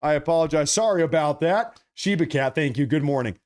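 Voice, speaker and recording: A man hosting a political livestream, chatting casually with viewers and reading their messages, with a slight cough, animated and prone to repeating himself. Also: fairly high pitch, brisk. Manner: animated, repeats phrases, apologetic asides.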